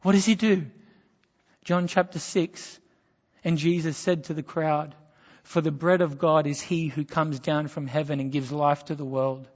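A man preaching a sermon emphatically, swinging between loud, rising declarations and quiet, low lines. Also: fairly even intonation, measured pace. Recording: dull sound with a long reverb, as in a church hall.

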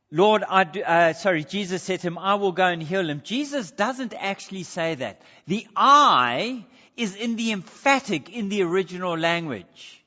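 A man's voice: high voice, fairly bright tone. A man preaching a sermon in an earnest, questioning way, with slips and self-corrections. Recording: dull sound with long hall reverb.

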